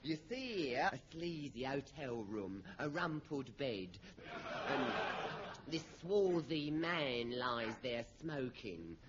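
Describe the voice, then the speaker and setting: A man's voice: medium pitch, very animated, slow. An actor playing a vain, flamboyant film director, grandiose and self-admiring, drawing out his words in a 1960s radio comedy. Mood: theatrical. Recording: muffled vintage radio recording with loud hiss.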